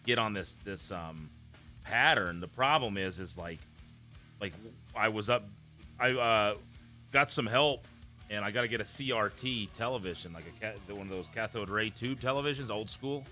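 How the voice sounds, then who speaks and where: Male co-host, low pitch but very bright and sharp, rambling casual chat, faint music behind. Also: moderate pace. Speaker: podcast co-host.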